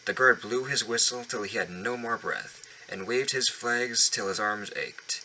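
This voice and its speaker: A man reads a children's story aloud, stumbling now and then and going back over words. His voice sits fairly low but comes across bright and crisp, recorded at home. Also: lively intonation, unhurried, a little hiss or hum, low-quality recording. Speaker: reader of a children's book. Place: home basement.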